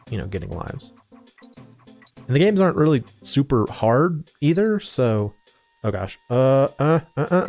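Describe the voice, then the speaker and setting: A man's voice: mid-range voice, a little mellow. A man casually commenting on a video game as he plays, rambling, joking and self-deprecating. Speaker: let's play host. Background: faint game music.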